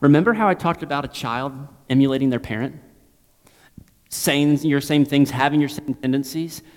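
A man preaching a sermon as pastor, swinging from loud emphasis to hushed near-whispers and repeating phrases for emphasis. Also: medium pitch, normal speed, long reverb tail.

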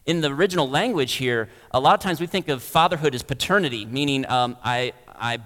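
A man preaching a sermon as pastor, rising to loud stirring peaks and then dropping to a soft hush. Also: mid-range voice, animated, a little fast. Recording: long hall reverb.

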